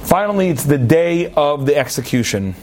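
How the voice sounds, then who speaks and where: Animated male rabbi telling a parable. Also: normal speed, a little hiss or hum. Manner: animated storyteller, jokey asides, sudden high emphatic swings. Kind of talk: sermon with a told parable.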